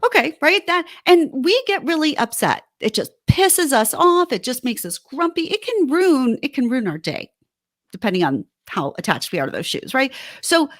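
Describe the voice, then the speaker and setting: A high-pitched woman co-hosting a relationship podcast, her voice swooping up and down as she talks. She sounds animated and casual. The recording is close and dry. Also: no room sound. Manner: animated, acts out heated quotes. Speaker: podcast co-host. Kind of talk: casual relationship advice chat.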